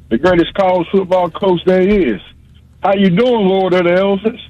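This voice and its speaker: A man phoning in to a talk show, his voice very high and thin over a tinny, dry phone line. He rambles and trash-talks, ribbing the host. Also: steady tone, moderate pace, no room sound. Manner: teasing, trash-talking, rambling. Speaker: caller. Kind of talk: call-in to a radio show.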